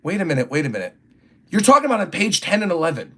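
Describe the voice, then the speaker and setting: A man's voice: sits high, huge pitch swings, racing, sharp tone, slightly rough. A young man chatting casually on a livestream, rambling through his thoughts and reading viewer comments aloud. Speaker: streamer reacting to a comic chapter.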